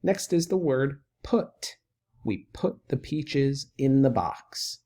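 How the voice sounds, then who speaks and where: A man teaching a recorded lesson for children, who talks patiently and encouragingly and repeats each word slowly. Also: mid-range voice, expressive, dark tone.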